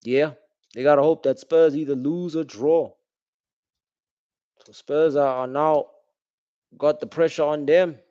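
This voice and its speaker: A young man giving casual, slangy live reaction commentary while watching a football match, calling out the referee loudly. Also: fairly high pitch, steady tone, a little slow, pauses often, no echo. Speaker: football watch-along streamer. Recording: dull, dry home stream audio.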